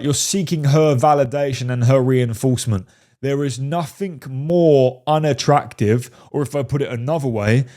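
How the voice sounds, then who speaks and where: A man's voice: medium pitch, warm tone. A man commenting on film clips as a dating coach, casual and profane, often saying "right?" and "fellas".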